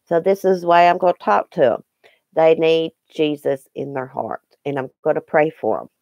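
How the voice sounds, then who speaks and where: A woman's voice: low-pitched, normal speed, gravelly, darkish tone, no room sound, highs cut off. A Southern woman hosting a casual livestream, chatting folksily with viewers by name and reading the chat. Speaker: YouTube livestream host.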